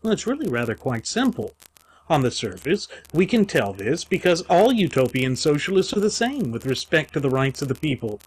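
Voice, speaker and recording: A man's voice: a little high, rough recording. A man co-hosting a political talk show, speaking emphatically and indignantly with rhetorical questions. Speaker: podcast co-host. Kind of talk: political commentary.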